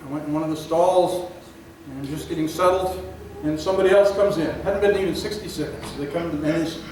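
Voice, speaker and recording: A man preaching from the pulpit, his voice set a little higher than most, rising to loud emphatic peaks and then falling quiet to stretch out a phrase. He is caught from well back in a big, echoing sanctuary, with room noise clearly underneath. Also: steady tone, a little fast. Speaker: pastor. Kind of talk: sermon. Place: church sanctuary. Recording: echoey hall, recorded from far off, audible room noise.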